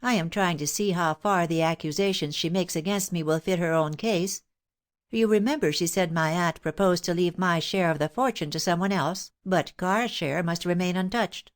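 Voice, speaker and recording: Proud young woman, defiant, clipped and cold, raised pitch for the part, read by a woman narrator, audiobook. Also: normal speed, lightly acted.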